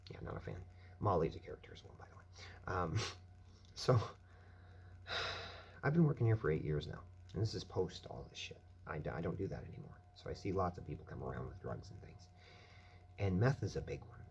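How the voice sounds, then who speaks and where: A man's voice: deep voice, expressive, fairly quick, long pauses, slight background noise. A man ranting bluntly and with plenty of profanity in a casual monologue at his night-shift workplace. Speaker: vlogger. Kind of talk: casual rant.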